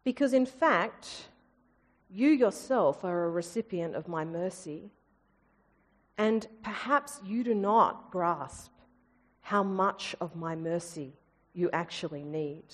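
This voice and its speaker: A woman voicing a patient divine figure who confronts gently, speaking softly, low and deliberately. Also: big-room sound. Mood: searching.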